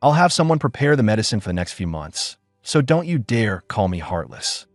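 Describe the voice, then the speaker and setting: A man's voice: on the low side, very animated, a little fast, dry recording, studio quality, soft background music. A man voicing a cold, scornful young wife who talks with sneering contempt. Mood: mocking.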